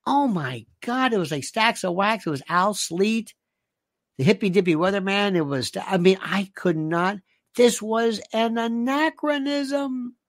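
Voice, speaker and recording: An older host giving an animated, indignant monologue, reading listener comments aloud and firing off rhetorical questions. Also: mid-range voice, a little slow, no room sound, clean studio sound.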